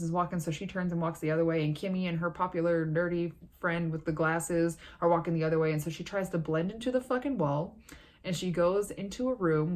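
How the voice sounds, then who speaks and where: Low-voiced sarcastic young woman vlogger. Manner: profane, sarcastic, rambling. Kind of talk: casual movie recap.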